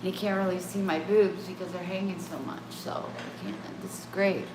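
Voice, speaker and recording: With a voice on the low side and a fairly quick delivery, a woman rambles casually to camera in her vlog, frequently interrupting and restarting herself, candid about her own life. The echoey room has faint ambience and a noisy background.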